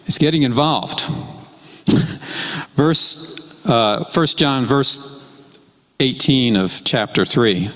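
A man preaching a sermon in a measured way, repeating his key phrases. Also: mid-range voice, lively intonation, fairly bright tone. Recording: long hall reverb.

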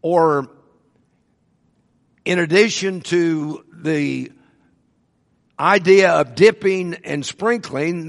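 A man delivers a sermon at an unhurried, deliberate pace, leaning on the words he wants his listeners to catch. His voice sits a little high for a man. The sound carries a long reverb, as in a large hall. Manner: slow, deliberate teaching with emphasized words. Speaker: preacher.

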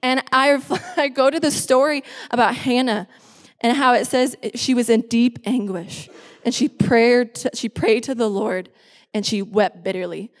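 A woman pastor giving her testimony as a sermon, telling her story with animated quoted voices. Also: on the high side, a little slow. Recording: long hall reverb.

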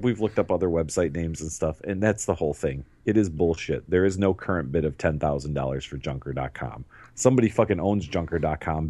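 A man's voice: extremely low pitch, a little mellow, no echo. A man co-hosting a podcast in casual chat, laughing often and swearing freely as he riffs. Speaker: podcast co-host.

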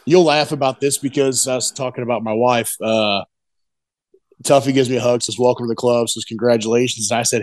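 A middle-aged man, a competition barbecue pitmaster, telling a rambling, excited story in a casual interview, often saying "you know what I mean". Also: mid-range voice, a little fast, no echo.

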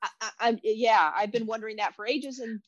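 A woman's voice: on the high side, steady tone, brisk, no room sound. Blunt woman co-host, slightly dull sound. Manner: blunt, emphatic reactions. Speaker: podcast co-host. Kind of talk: casual chat.

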